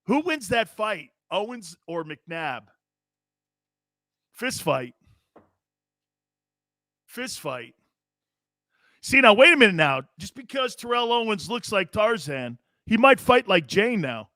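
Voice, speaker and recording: Brash, high-voiced sports talk host. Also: male voice, big pitch swings, moderate pace, hardly any pauses, dry recording. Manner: brash, loud and joking, laughs often. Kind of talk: sports talk show commentary, reading viewer comments.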